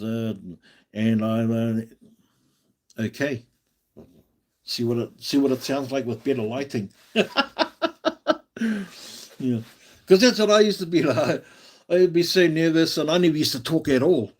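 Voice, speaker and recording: A man's voice: on the high side, normal speed, pauses often, darkish tone. An Australian man hosting a live stream, chatting casually and encouragingly, often restarting his sentences.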